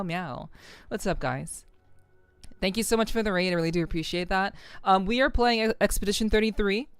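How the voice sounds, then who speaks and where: A woman's voice: lowish voice, no room sound. A woman streaming a game with a slightly sore, scratchy throat, chatting casually and greeting viewers over and over. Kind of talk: casual live-stream chat.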